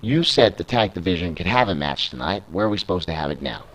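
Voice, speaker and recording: An indignant male wrestler complains about his missing match, read out by a British man with a low voice. He sounds aggrieved and pushy. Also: expressive, fast, a bit bright, low-quality recording. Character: angry male wrestler in a tag team.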